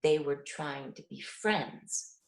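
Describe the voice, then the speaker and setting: A woman's voice: low voice, slow pace, vocal fry, echoey room, low-quality recording. A middle-aged mother answering an interviewer, speaking earnestly and acting out little dialogues as she tells stories. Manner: earnest, animated storytelling with quoted dialogue. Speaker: parent guest.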